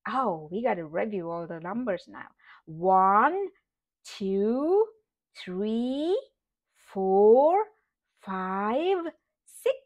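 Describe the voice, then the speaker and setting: A woman's voice: medium pitch, big pitch swings, extremely slow, pauses often. A woman reading aloud to her toddler as a parent, repeating each word in a sing-song manner and imitating animal sounds. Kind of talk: slow read-aloud for babies.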